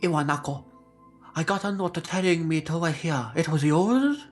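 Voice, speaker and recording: A man's voice: fairly high pitch, lively intonation, moderate pace, soft background music, voice pushed up. A man voicing a nervous teenage boy who speaks hesitantly. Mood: awkward.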